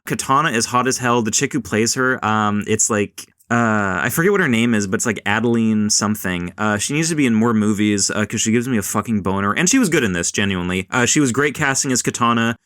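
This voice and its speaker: A man's voice: on the low side, animated, fairly quick, hardly any pauses, a bit bright, dry recording, studio quality. A man hosting a casual film and culture podcast, rambling and swearing as he talks. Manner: rambling, swears a lot, mimics voices. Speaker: podcast host. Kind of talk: casual chat.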